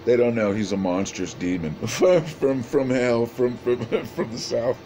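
A man casually pitching a movie idea in a rambling, profane monologue full of restarts. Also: measured pace, dark tone, a little hiss or hum.

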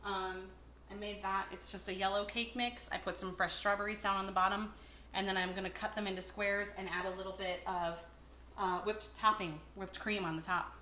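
This cooking host's mid-range voice is bright and forceful, with fairly even intonation and a slightly quick pace. Chatting as she works, she tells rambling stories laced with fillers; the echoey kitchen clatters with dishes, and a little hiss or hum is audible.

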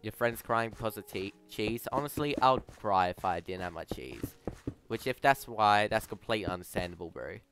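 Rambling low-voiced male gaming streamer. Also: animated, moderate pace, fairly bright tone, soft background music. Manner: rambling, chatty, addresses chat as bro. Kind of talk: casual livestream chat.

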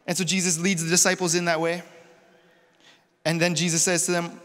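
A man's voice: sits high, level tone, fast talker, a bit bright. Casual preaching man in a reverberant hall. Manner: conversational storytelling, retells scripture in casual paraphrase. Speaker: pastor. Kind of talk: sermon. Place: church auditorium.

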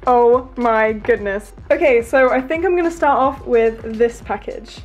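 A woman hosting a casual unboxing vlog, gushing and excitable with frequent gasps over her new toys. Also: fairly high pitch, a little slow, faint music behind. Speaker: toy collector vlogger.

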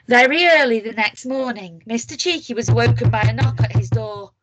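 A primary school teacher reads a picture book aloud to young children in an animated way, asking them questions as she goes. Her voice is fairly high, her pace moderate with few pauses, and the background is noisy.

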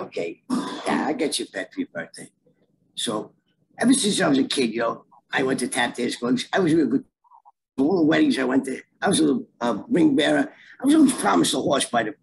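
A middle-aged man, the storyteller guest, spins a tale in a casual, streetwise style, animatedly acting out the voices of its characters. His voice sits at medium pitch with some vocal fry, and there's background noise behind him.

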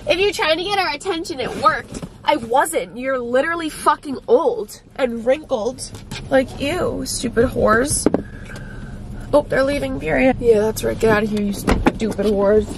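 A woman's voice: high voice, expressive, normal speed, noisy background. A young woman with a stuffed-up nose, chatting bluntly in a casual vlog from inside her car and swearing often. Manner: blunt, swears a lot, irritated. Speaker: vlogger.

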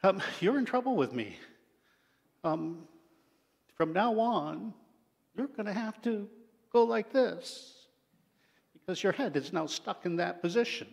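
A man voicing a calm, firm Creator figure who speaks to the animals in a story during a sermon. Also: high voice, measured pace, gravelly, long pauses, voice pushed up, full character voice. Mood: firm scolding. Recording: long hall reverb.

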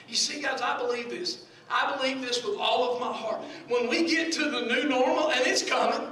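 A man preaching a sermon with passion, repeating words and swinging between quiet pleading and shouting, in a nearly empty church. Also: very high-pitched, moderate pace, few pauses. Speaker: pastor. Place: large near-empty church. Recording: very echoey church from far off.

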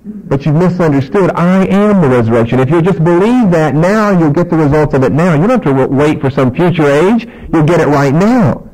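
A man with a high-pitched voice delivers a sermon. He preaches with strong emphasis, reads scripture aloud and puts on the voices of the people in the passage. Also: expressive, brisk, a little mellow, low-quality recording. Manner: emphatic preaching with scripture reading and acted-out dialogue.

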